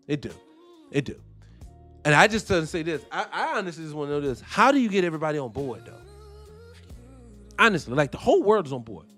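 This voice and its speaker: Heated guy w/ aave on his commentary stream, high voice swinging all over, cusses a lot. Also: a bit bright. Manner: heated, profane, preaching cadence. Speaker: commentary show host. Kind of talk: live-stream commentary with viewer shout-outs.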